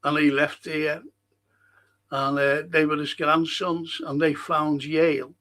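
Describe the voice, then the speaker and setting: Slow-talking older Scouse man. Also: on the high side. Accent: Liverpool (Scouse). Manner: chatty, rambling, excitable bursts. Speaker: livestream host reading chat. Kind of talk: casual chat reading viewer comments.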